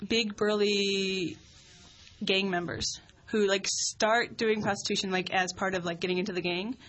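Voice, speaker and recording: A woman's voice: medium pitch, fairly even intonation, fairly bright tone, rough recording. A young woman, an anthropologist guest on a talk show, chatting with dry wit. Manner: dry, quick-witted. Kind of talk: casual talk show chat.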